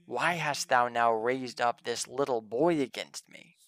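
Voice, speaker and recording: A man's voice: medium pitch, measured pace, a bit bright, no room sound, natural voice. A man voicing a fallen male demon spirit, reading his boastful speech in solemn archaic English. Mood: defiant.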